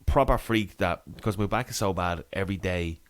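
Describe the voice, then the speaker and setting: A low-voiced man co-hosts a casual podcast chat. He laughs mid-sentence, trails off and starts over. The sound is dry and close, with no room echo. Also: fairly quick. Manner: laughs while talking, trails off and restarts. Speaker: podcast co-host.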